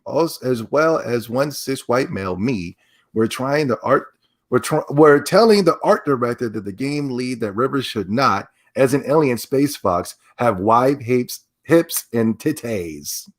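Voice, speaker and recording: A man hosting a podcast, giving emphatic, animated commentary that repeats itself when he gets worked up and often breaks into laughter. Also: medium pitch. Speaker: podcast host. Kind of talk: ranting commentary.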